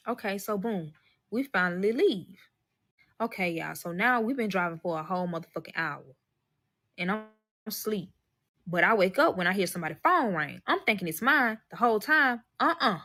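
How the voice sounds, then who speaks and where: Telling a live audience about something that happened to her, a woman speaks in a bright, forward, medium-pitched voice at normal speed, with no room sound. She's expressive, profane and emphatic, swearing freely, calling the crowd y'all, and acting out the voices of the people in her story.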